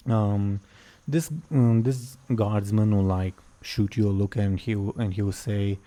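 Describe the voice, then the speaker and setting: A man's voice: on the low side, steady tone, measured pace, dark tone. A man running a tabletop game as game master, narrating hesitantly with many restarts and easy laughs.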